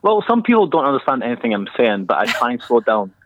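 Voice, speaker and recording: A man's voice: medium pitch, very animated, fast, dry recording. A Scottish man in his thirties, a guest calling in, cheeky and self-deprecating. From Scotland. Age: 30s. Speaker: guest on the phone. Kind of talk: casual phone chat. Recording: phone line with faint noise.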